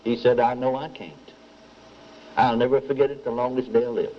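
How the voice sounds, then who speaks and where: Older preacher telling a healing story. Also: male voice, medium pitch, fairly quick, dull audio, slight background noise. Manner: animated storytelling, repeats dialogue, asks audience for amens. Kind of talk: sermon with story.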